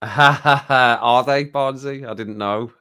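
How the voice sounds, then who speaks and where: A man's voice: mid-range voice, steady tone, slow, sharp tone, smooth. A middle-aged man with an English Midlands accent, chatting casually and rambling to live viewers from his home streaming room, chuckling as he goes. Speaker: livestream host.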